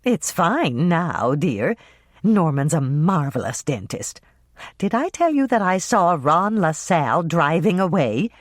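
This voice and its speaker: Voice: mid-range voice, big pitch swings, slow, dry recording, studio quality. An audiobook narrator voicing Dolores, a proud and bossy mother who talks in a grand, condescending way.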